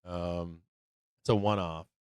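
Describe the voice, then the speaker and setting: A man with a deep, steady voice hosts a live trading stream, speaking slowly with a clean tone and no echo. His casual commentary rambles, full of profanity and fillers, and he mockingly quotes other traders.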